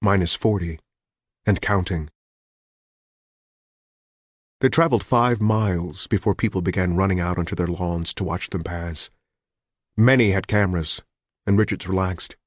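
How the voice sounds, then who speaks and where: A man narrating a thriller audiobook in a steady, measured way. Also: low-pitched, no room sound, studio quality. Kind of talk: scripted narration.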